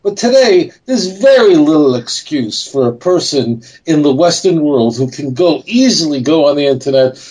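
A man's voice: on the high side, lively intonation, normal speed, hardly any pauses, a little mellow, slightly rough, low-quality recording. Guy on a talk show, emphatic, keeps repeating himself, voice swings all over. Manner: emphatic, repetitive, insistent. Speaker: guest.

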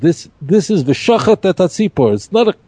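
A man leads a Torah study class, emphatic and animated, with rhetorical questions. His pitch swoops up and down a lot, and his tone is mellow and rather high. The sound is dry and close. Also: a little fast, breathy edge, no room sound. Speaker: Torah teacher.

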